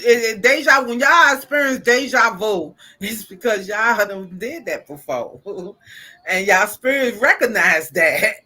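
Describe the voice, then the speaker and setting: A woman with a bright, somewhat high voice on a casual spiritual podcast. She talks in a relaxed, agreeable way and often chimes in with murmured agreement. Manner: relaxed, agreeable, chiming in with mm-hmms.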